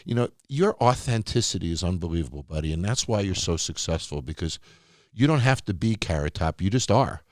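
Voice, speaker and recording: A man's voice: low voice, expressive, a little fast, no room sound, clean studio sound. A man hosting a podcast, chatting casually with his guest and prompting him with chummy questions. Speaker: podcast host. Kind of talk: casual interview chat.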